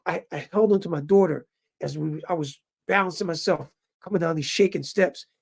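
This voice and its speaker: A man in his fifties telling his viewers a story in a casual, animated way and calling them brothers. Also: on the high side, a little fast, creaky, husky. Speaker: vlogger living in Japan.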